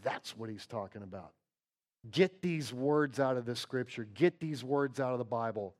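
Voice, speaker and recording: Conversational preacher man, hushed on scripture. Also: medium pitch, lively intonation, moderate pace. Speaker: pastor. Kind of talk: sermon.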